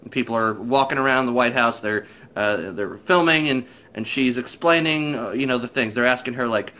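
A man's voice: mid-range voice, normal speed, pushed and bright. A man chatting casually through a spoiler-filled movie review, retelling scenes in a rambling way.

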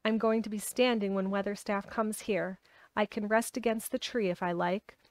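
A proud young boy gives orders in a sharp, commanding way. A woman puts him on while reading a storybook aloud. The sound is dry, with no room echo. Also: mid-range voice, fairly even intonation, normal speed, natural voice.

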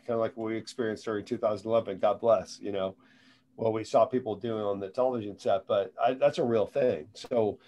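A man's voice: mid-range voice, a little mellow. A man who is a guest, giving casual advice on mindset, rambling and often repeating words and restarting sentences. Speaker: guest speaker on sales and mindset.

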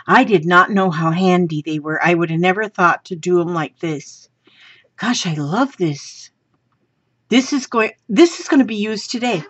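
A woman chatting to viewers from her home craft room, gushing and excitable as she shows craft supplies. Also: on the low side, breathy edge, no echo. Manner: gushing and excitable, talks to viewers while handling items. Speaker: craft vlogger. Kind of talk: casual unboxing chat. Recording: slightly dull lo-fi sound.

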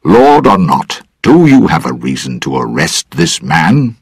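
A man's voice: low voice, sing-song, a little slow, creaky, slightly rough, no echo, clean studio sound, voice pushed up, exaggerated voice. A man playing a stern old governor. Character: stern older male colonial governor.

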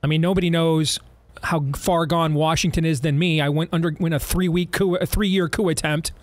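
A high-pitched man hosting a political talk radio show. He talks emphatically and riffs with sarcasm, pushing each point hard. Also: fairly even intonation, normal speed.

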